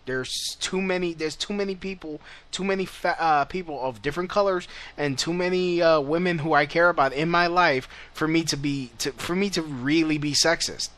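A man's voice: a little high, normal speed, hardly any pauses, a bit bright. A man hosting a call-in show, ranting bluntly in casual, profane talk. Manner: heated, blunt, swears a lot.

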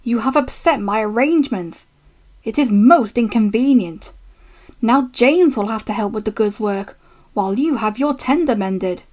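A woman's voice: fairly high pitch, lively intonation, moderate pace, darkish tone. A woman voicing a pompous, stern older railway boss who speaks in a formal, indignant way.

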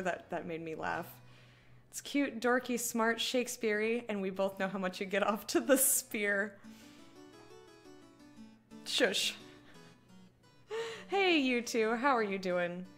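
A woman's voice: mid-range voice, slow, long pauses, a bit bright, soft background music. A young adult woman streaming a game, chatting, joking and reading the game text aloud. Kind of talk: casual live-stream commentary.

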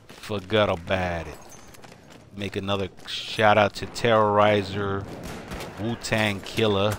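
A man's voice: lowish voice, level tone, slow pace, fairly bright tone, a little hiss or hum. A man giving live commentary on his own gameplay as he streams, cracking wise and repeating catchphrases. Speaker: game streamer.

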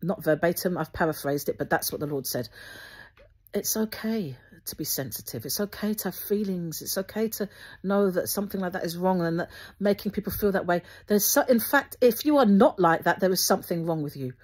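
Woman host, low-pitched and breathy, speaks earnestly and gently to her viewers. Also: a little fast. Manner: earnest and gently instructive, with frequent restarts. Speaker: Christian video host. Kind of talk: spoken encouragement to viewers.

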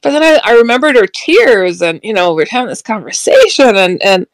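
A woman telling a strange personal story in a casual, animated way, often acting out the dialogue. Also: on the high side, a little fast, no room sound, poor audio. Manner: animated, quotes dialogue, laughs often, frequent restarts. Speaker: guest recounting a paranormal experience.

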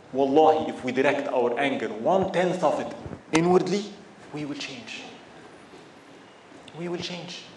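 A man's voice: fairly high pitch, a little mellow. A man giving a religious lecture, impassioned and full of rhetorical questions that build to emphatic outbursts. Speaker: Islamic lecturer. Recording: echoey room with faint background noise.

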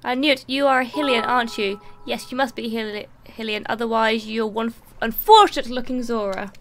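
A woman's voice: fairly high pitch, fairly even intonation, a little fast, a little hiss or hum, lightly acted. A woman voicing a polite, apologetic fish-person messenger, reading game dialogue aloud in a formal, courteous way.

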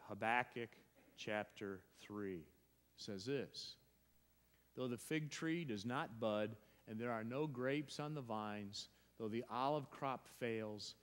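A male pastor preaches a sermon in a church sanctuary, his mid-range voice a bit bright and wrapped in long church reverb. He is emphatic, repeats phrases, and often restarts his sentences.

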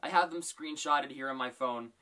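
Animated youtuber reacting to tweets, really bright voice, lots of exclaiming. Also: medium pitch, normal speed. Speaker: YouTuber host. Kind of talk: casual reaction vlog, reading tweets aloud.

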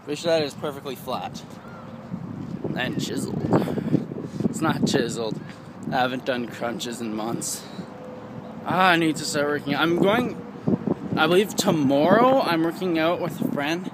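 A young man vlogging outdoors in a casual, rambling rant, animated and prone to high mocking squeals. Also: unhurried, long pauses. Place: outdoors, walking in town. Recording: outdoor street noise behind.

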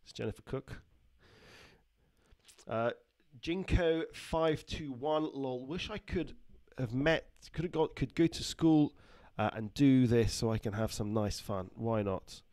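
A man's voice: medium pitch, lively intonation, a little slow, darkish tone, no room sound, studio quality. A middle-aged man, a doctor hosting a casual livestream, chatting loosely, laughing often and reading out viewer comments. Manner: chatty, laughs often, slips into joke accents.

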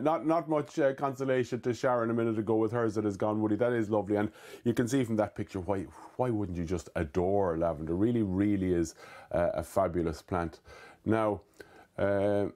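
A man's voice: on the low side, dark tone. A man from Cork with an Irish accent, hosting a casual gardening question show and chatting through viewers' queries, often correcting himself mid-sentence. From Ireland. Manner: chatty, self-correcting, with fillers and restarts. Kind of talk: casual live Q&A.

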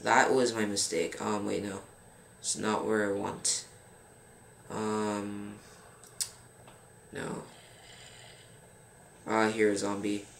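Young man, casual gameplay commentary, halting grumbling delivery, echoey room. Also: fairly low pitch, level tone, creaky. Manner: frustrated, rambling, fills pauses with um. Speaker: gaming channel host. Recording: roomy with faint background noise.

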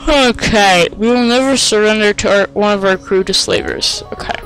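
Slow-talking male gamer, excitable and self-mocking, faint game music behind. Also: high voice, rough recording. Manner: excitable, self-mocking, sing-song taunts. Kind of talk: let's play commentary.

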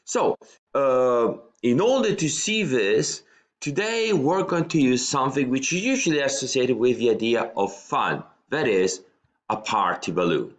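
A male teacher with a medium-pitched, lively voice gives a recorded science lesson from a room at home. He goes unhurriedly and patiently step by step, frequently checking in with "okay?".

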